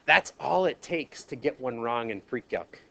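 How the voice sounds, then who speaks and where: A man's voice: medium pitch, expressive, unhurried, gravelly. Math teacher, male, Minnesota accent, classroom lecture, drifts from the mic, faint room noise. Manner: asks the class questions, jokes and polls students.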